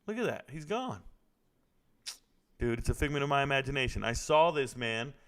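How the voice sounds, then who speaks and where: Gravelly excitable man reacting live. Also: medium pitch, normal speed. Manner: excitable, blurts reactions and talks to chat. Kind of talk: casual live fight commentary.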